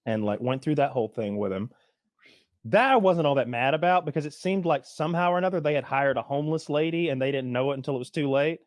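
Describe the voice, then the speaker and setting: Animated man telling a story. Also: on the high side, quick pace, no room sound, clean studio sound. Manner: animated, mimics people in his stories. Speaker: podcast co-host. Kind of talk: casual storytelling chat.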